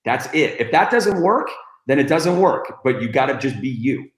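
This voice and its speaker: A man's voice: medium pitch, animated, moderate pace. A middle-aged man co-hosting a casual webinar, talking earnestly and repeating points for emphasis. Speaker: co-host. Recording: echoey room.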